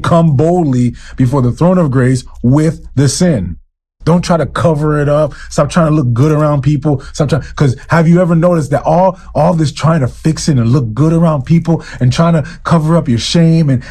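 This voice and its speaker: A man's voice: a little high, dark tone, breathy edge. A man preaching as pastor, fervent and direct with his listeners, driving points home with repeated rhetorical questions. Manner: admits to ranting, addresses listeners directly. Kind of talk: sermon.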